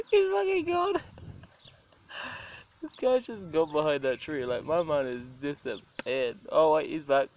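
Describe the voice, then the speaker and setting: A young man chatting through his own vlog outdoors, full of swearing and laughter. His pitch swings widely while his pace stays slow and drawn out, with a faint hiss behind him. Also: lo-fi sound. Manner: swears a lot, laughs often, excited running commentary. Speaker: vlogger. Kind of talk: casual profane vlog chatter.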